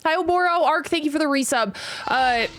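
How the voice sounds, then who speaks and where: Playful high-voiced woman livestreamer. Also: brisk, noisy background. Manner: playful, teasing, greets viewers one by one. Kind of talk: casual livestream chat.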